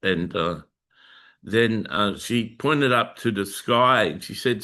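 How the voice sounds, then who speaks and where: A man recounts a personal religious testimony on his own channel, pausing often and filling the gaps with hesitant sounds. His voice sits a little low but has a bright, forward edge. He speaks very slowly. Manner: halting, with many filler sounds and restarts. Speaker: Christian video host sharing testimony.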